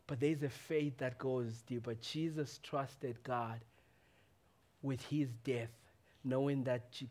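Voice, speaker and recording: A man preaching a sermon in a church, swinging from impassioned outcries to quiet, reflective teaching. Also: mid-range voice. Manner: impassioned preaching, rising to shouts then quieting. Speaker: pastor.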